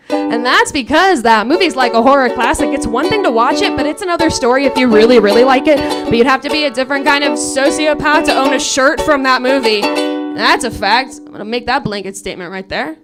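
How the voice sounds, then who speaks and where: A woman in her late twenties performing a comedic sung story live on a saloon stage, wry and profane, with spoken asides between verses. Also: high voice. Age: late 20s. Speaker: comedic singer-songwriter. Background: her own ukulele accompaniment.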